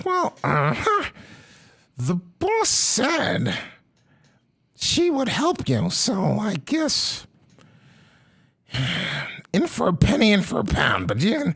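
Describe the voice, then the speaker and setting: A flustered high-voiced henchman. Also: gravelly, fairly bright tone, breathy edge, exaggerated voice. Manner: flustered, rambling, repeats himself. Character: jittery chatty male henchman.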